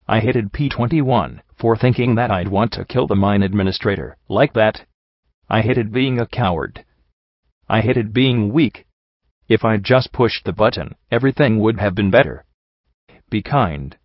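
Low-voiced man reading brooding narration. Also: no room sound. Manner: brooding, introspective. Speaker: audiobook reader. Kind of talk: first-person story narration. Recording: dry, dull lo-fi sound.

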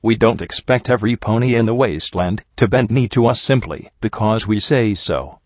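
A man's voice: fairly low pitch, normal speed, dry recording, lo-fi sound, close to an everyday voice. A man voicing a gracious, proud unicorn prince. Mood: dignified. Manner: calm, dignified, courteous.

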